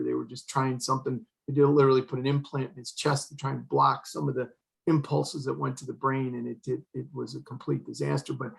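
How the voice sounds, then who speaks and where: A man's voice: mid-range voice, creaky, rough recording. An older man, a retired fire chief, telling a personal story as an interview guest, earnest and acting out the dialogue he quotes. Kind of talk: emotional storytelling in conversation.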